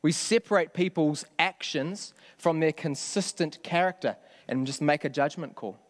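Here the preacher sounds a little high and keeps a normal pace. His sermon is conversational, full of questions for the congregation, and the hall gives it a long reverb.

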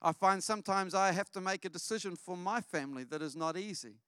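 A man's voice: high-pitched, fast, clear, resonant tone, no echo, studio quality. A middle-aged man, preaching a sermon and telling family stories while asking the congregation questions. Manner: storytelling, lively with audience questions. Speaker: pastor. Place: church.

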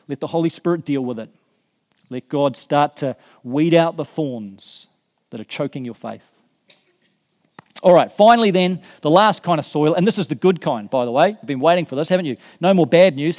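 A man preaching a sermon as pastor, earnest and emphatic, building with excitement at points. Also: on the high side. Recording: long reverb of a hall.

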